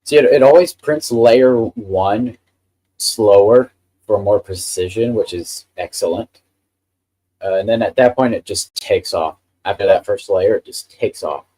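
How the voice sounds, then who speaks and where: Low mellow-voiced man hosting a live stream. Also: measured pace. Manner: chatty, enthusiastic about 3D printing. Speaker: livestream host. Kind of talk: casual live stream chat.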